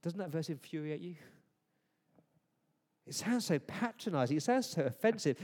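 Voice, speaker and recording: A man delivers a sermon in a mellow, warm voice, drifting between hushed, intimate asides and emphatic declarations. His words ring out with a long reverb trailing behind them. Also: fairly high pitch, lively intonation, moderate pace. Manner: conversational, swings from hushed to emphatic. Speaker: preacher.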